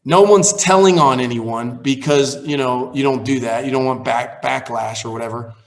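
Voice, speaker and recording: A man's voice: mid-range voice, normal speed. Candid man in his forties, pastor. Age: 40s. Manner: candid, grows heated and animated while recounting. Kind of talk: casual storytelling on a training call.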